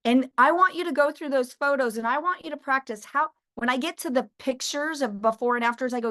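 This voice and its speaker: A woman trainer teaching her team, telling stories and acting out phone calls with lively energy. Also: a little high, fast, few pauses. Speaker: sales trainer.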